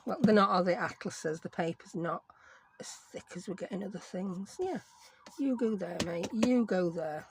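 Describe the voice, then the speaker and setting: A talkative middle-aged woman with a broad Yorkshire accent rambles on while she crafts. Her voice sits at an ordinary middle pitch, and her chatter is loose and self-mocking, full of asides to the viewer. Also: normal speed, noisy background. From Yorkshire, England. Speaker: crafting channel host. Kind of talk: casual chatty crafting vlog.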